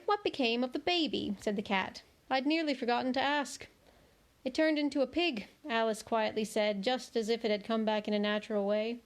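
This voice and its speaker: A woman reading a children's book aloud from home, telling it with lively expression. Her voice sits fairly high. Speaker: read-aloud host.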